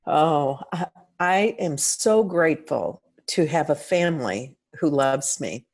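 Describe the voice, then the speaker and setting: A woman's voice: deep voice, animated, slow pace, darkish tone. An older woman, a guest in an interview, telling an emotional personal story in an earnest way. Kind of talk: interview testimony.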